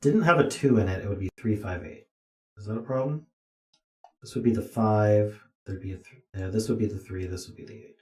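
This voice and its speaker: A man's voice: fairly low pitch, fairly quick. A tired man streaming himself as he thinks aloud through a puzzle, muttering to himself with dry asides. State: tired, yawning. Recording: roomy echo.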